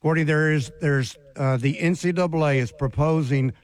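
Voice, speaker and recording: Man, sports radio host, brisk, upbeat. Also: fairly high pitch.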